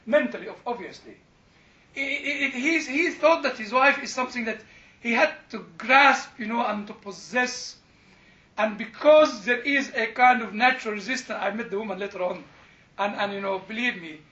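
Older man lecturing, high bright voice. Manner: anecdotal, digressive, laughs often, many "you know" fillers. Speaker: theology lecturer. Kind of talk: informal lecture with class interaction. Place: classroom. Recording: dull, roomy lecture-hall recording.

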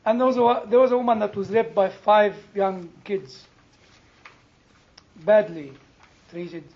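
A man, a chaplain, giving an earnest sermon and telling personal stories, leaning hard on some words and letting quieter phrases trail off. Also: sits high, fairly even intonation, unhurried. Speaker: chaplain and preacher. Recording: dull lo-fi recording.

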